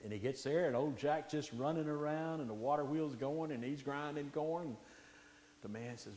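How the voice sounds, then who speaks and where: A man telling a folktale aloud with animated, dramatic pacing, dropping into hushed tones for suspense. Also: a little high, normal speed, echoey room, long reverb tail. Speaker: storyteller.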